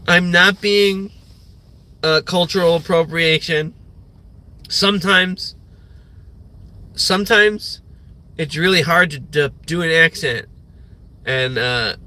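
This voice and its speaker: A young man delivers a loose, profane morning rant on a livestream, padding every thought with fillers. His voice sits fairly high with a bright, forward edge, and he lets the words come out slowly and unhurried. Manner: rambling, profane, filler-heavy. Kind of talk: rambling morning rant monologue.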